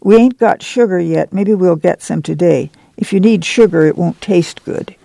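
A woman's voice: fairly low pitch, moderate pace, creaky, dark tone, dry recording. Weary, guarded migrant mother, read by a man, plain rural speech, storybook reading, dry close sound. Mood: warming. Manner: folksy rural dialect speech.

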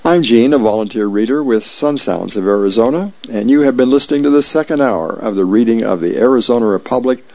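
A man reading newspaper comics aloud as a volunteer reader, in a plain, unhurried way with small slips. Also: medium pitch, lively intonation, vocal fry, warm tone, no room sound. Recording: dull lo-fi radio recording.

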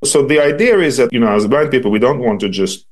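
A man with a medium-pitched, slightly mellow voice and lively intonation gives patient, measured interview answers about a device he designs. He often pauses on "um" and restarts his phrases.

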